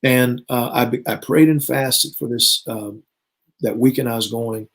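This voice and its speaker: An earnest man in his fifties recounts his own testimony as a guest bishop. His pitch sits right in the ordinary middle for a man, and he slips into remembered dialogue as he tells it. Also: fairly even intonation, unhurried, low-quality recording. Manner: earnest storyteller who acts out remembered dialogue. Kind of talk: personal testimony in conversation.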